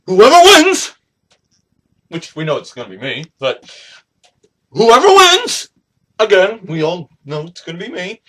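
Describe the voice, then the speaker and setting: A young man delivers a boastful, taunting wrestling promo. His voice sits very high and bright, and it swings up and down as he drags out his slow trash talk. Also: huge pitch swings.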